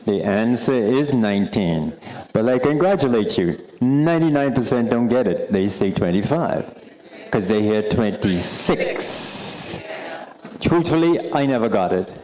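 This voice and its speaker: A man with a Bahamian accent presenting a workshop to a live audience, animated and teasing, repeating phrases for emphasis. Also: mid-range voice, poor audio. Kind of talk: interactive workshop talk. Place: meeting room with live audience.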